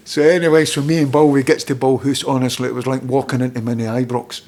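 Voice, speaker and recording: A middle-aged Scottish man, a former footballer, telling lively stories in casual chat as a podcast guest and acting out other people's lines. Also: mid-range voice, a little fast, few pauses, slightly rough. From Scotland. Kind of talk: casual anecdotal storytelling.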